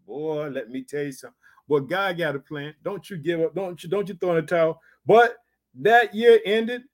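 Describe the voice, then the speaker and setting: A man's voice: on the high side, brisk. A man preaching a sermon, reading scripture and repeatedly calling out to his listeners in a fervent, emphatic way. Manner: fervent, repetitive call-outs like "did you hear that"; reads scripture aloud then exhorts, shifting loudness.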